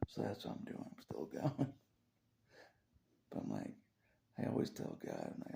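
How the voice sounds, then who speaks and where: A man with a deep, heavily gravelly voice talks in a tired, half-whispered ramble. His pitch swings widely from low mutters to sudden high lifts. He keeps repeating phrases and slipping in soft, weary chuckles. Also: huge pitch swings, normal speed, long pauses. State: exhausted. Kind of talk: rambling spoken confession.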